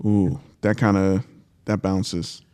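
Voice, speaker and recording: A man's voice: low voice, flat delivery, takes it slowly, darkish tone, clean tone. A man hosting a podcast, talking in a laid-back, casual way with lots of "yeah, man". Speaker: podcast host. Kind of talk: casual chat.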